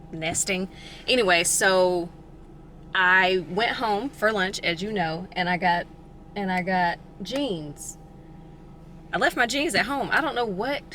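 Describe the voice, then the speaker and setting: A young woman talks to her phone camera from a parked car in a garage, casual and full of slang. Her voice sits a little low but rings bright and forceful. Faint car-park noise hums behind her. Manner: chatty, self-mocking, slangy. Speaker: vlogger. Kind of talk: casual vlog chat.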